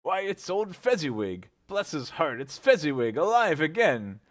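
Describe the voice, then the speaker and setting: A man voicing a miserly old man revisiting his past, wistful and sometimes excitable. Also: lowish voice, slow pace. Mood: excited.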